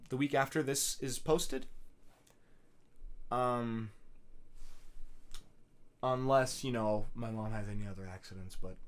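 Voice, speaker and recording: Earnest rambling young male podcaster. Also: medium pitch. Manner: earnest rambling pep talk with frequent swearing and fillers. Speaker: podcast host. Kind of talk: solo podcast monologue.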